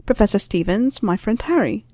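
An earnest, eager young woman student, voiced by a woman narrator in a storybook reading. She speaks higher than the narration, quick and keen. The tone stays mellow and dry. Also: lively intonation, dry recording, lightly acted.

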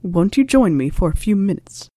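A woman voicing a stern, dry older male professor in a storybook reading, speaking slowly and in a clipped, measured way. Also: medium pitch, sing-song, mellow, no echo.

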